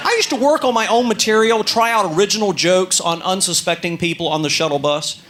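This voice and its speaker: A man doing a stand-up comedy routine, telling stories deadpan and acting out the people in them. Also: sits high, fairly quick. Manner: deadpan storytelling with quoted characters.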